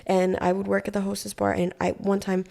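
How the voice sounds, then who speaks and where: A young woman from Hawaii, a podcast guest, telling a story in casual, profane, animated talk full of "like". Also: medium pitch, brisk, creaky. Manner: profane, animated, heavy use of "like".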